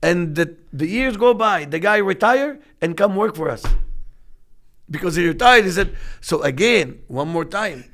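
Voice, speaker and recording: A man in his fifties with a gravelly, fairly high voice tells a long business story. He is animated and acts out the voices of the people in it. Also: moderate pace. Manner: animated storyteller acting out quotes. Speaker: podcast co-host. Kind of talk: casual storytelling.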